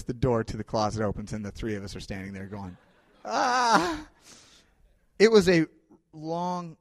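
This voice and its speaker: A male pastor giving a sermon, telling stories in a conversational way with fillers, swinging between loud and quiet. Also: mid-range voice. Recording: long hall reverb.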